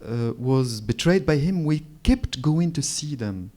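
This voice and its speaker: A Moroccan author in his forties, whose first language is Moroccan Arabic, tells reflective stories on stage at a literary event. He speaks slowly, searching for words with frequent restarts and pauses. His medium-pitched voice is dark in tone, with lively intonation.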